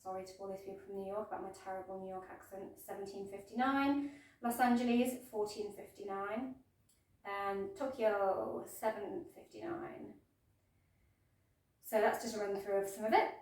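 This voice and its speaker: A woman's voice: medium pitch, normal speed, a little mellow, slight background noise. A woman teaching a casual yoga class, talking in a chatty, rambling way with lots of ums and restarts. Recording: echoey room, voice from far off.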